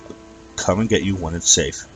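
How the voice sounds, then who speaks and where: A man voicing a timid, gentle young female pony with a soft, stammering, pleading manner. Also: deep voice, moderate pace, recorded from a distance, soft background music, natural voice. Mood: soothing.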